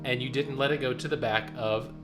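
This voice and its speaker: Male choir director, mid-pitched, coaching a vocal warm-up, faint piano behind. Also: fairly even intonation, a little fast. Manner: coaching and demonstrating vocal exercises.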